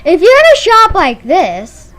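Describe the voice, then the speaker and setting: A woman giving absurd mock driving advice in a rambling, halting way, full of fillers and deadpan jokes, in a car showroom. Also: very high voice. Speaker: vlogger. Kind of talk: joking mock tutorial.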